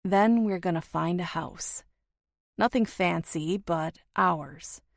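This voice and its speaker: Female narrator doing a caring, protective man, soft and reassuring, slow and lowish. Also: creaky, dry recording, clean studio sound.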